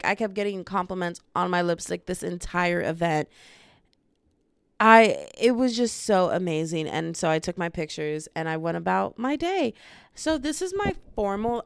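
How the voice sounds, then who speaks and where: A woman's voice: medium pitch, vocal fry, clear, resonant tone, dry recording, studio quality. A woman in her twenties hosting her own podcast at home, talking casually and rambling from topic to topic into a small camera. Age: 20s. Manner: rambling, chatty, jumps between topics. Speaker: podcast host. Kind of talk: casual solo podcast chat. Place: at home, indoors. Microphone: small handheld camera.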